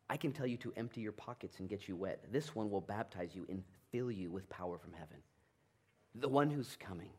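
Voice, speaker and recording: A man preaching a sermon as pastor, animated and quick to act out Bible figures in funny voices. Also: fairly low pitch, husky.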